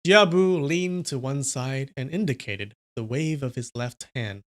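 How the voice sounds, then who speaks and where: A man's voice: mid-range voice, measured pace, few pauses, fairly bright tone. A man reading a novel aloud on a livestream, breaking off now and then for casual asides to his viewers.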